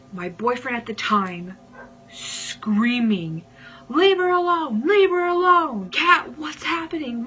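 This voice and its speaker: A woman vlogger telling a personal story casually, dramatic and at times dropping into hushed whispers. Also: medium pitch, dull audio.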